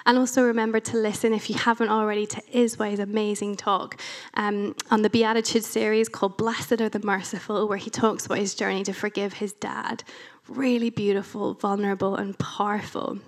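A young woman with an Irish accent giving a conversational church talk, chatty and animated, with self-deprecating asides. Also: mid-range voice, brisk. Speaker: preacher.

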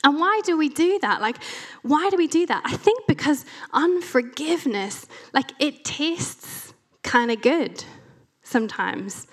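A woman's voice: high voice, unhurried. Irish woman preaching a casual church talk. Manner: conversational, animated, self-deprecating asides.

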